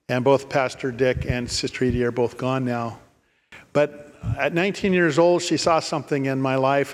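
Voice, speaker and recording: A man in his fifties or older preaches a sermon from a church pulpit. He tells a personal story and often restarts and repeats words. His mid-pitched voice rings out with a long reverb through the sanctuary. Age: 50s or older. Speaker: pastor.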